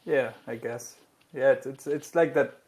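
A man's voice: mid-range voice, measured pace, a little mellow. A man from Germany, a guest writer in casual chat, rambling with filler words and laughing at his own jokes.

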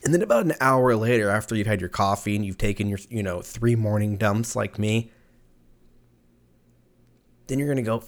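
Male podcast host, lower register, loose profane storytelling rant, laughs a lot, spikes up high for punchlines. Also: normal speed, long pauses. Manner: rambling, profane, laughs often; animated, jumps pitch when excited. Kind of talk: casual solo rant.

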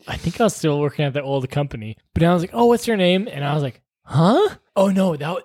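A man's voice: on the high side, racing, darkish tone. A young man chatting casually and telling rambling stories, with many restarts and frequent swearing. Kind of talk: casual chat.

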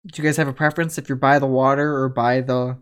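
A man's voice: medium pitch, fast, slight background noise. Man narrating as game master. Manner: relaxed storytelling, slipping into character voices. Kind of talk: narrating a tabletop role-playing game.

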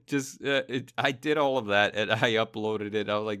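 A man's voice: medium pitch, expressive, moderate pace, a bit bright, dry recording, clean studio sound. A man co-hosting a casual podcast, rambling with many fillers and laughing easily. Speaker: podcast co-host. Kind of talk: casual chat.

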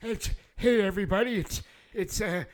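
A man putting on a grumpy old man's voice, high and strained, as a comic bit on a podcast. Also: moderate pace, natural voice. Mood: cranky.

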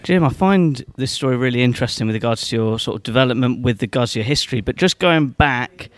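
A man's voice: mid-range voice, fast, no echo. A man hosting a podcast, asking long, conversational questions. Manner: conversational, hedged questions with filler phrases. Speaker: podcast host. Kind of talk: interview questions.

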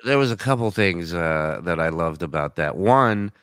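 A man, a show host appearing as a guest, telling stories in an animated way and laughing as he talks on a live stream. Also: deep voice, moderate pace, smooth, dry recording, studio quality. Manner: storytelling, animated, laughs while talking. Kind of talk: casual live-stream chat.

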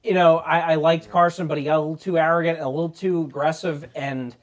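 Guy hosting a sports podcast, bit high voice, jokey and loose. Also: steady tone, quick pace. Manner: jokey, asks playful questions. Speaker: host. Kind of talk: casual sports chat.

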